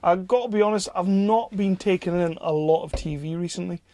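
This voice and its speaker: A man co-hosting a film podcast, talking in an excitable, jokey and rambling way. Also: high voice, brisk, no room sound. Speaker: podcast co-host. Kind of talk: casual film chat.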